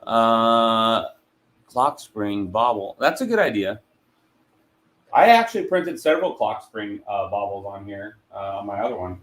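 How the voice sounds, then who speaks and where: A man hosting a casual hands-on product demo, joking and muttering to himself as he works. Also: mid-range voice. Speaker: host. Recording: roomy echo.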